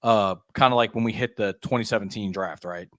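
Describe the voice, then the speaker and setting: A man's voice: lowish voice, fairly quick, dry recording, clean studio sound. Chatty man asking long questions. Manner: conversational, asks long probing questions. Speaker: podcast co-host. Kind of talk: casual sports chat.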